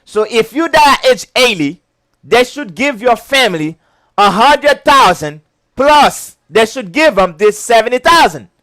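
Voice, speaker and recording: High-voiced chatty male instructor. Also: big pitch swings, a little slow, sharp tone, dry recording. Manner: chatty, keeps checking "okay?", breaks into giggles. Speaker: insurance licensing instructor. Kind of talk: casual whiteboard lecture.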